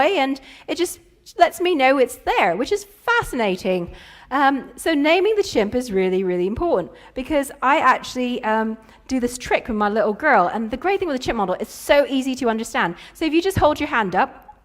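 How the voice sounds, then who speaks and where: Woman in her thirties, keynote speaker, playful, lively delivery. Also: high voice. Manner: playful storytelling with acted-out quotes. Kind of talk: conference keynote.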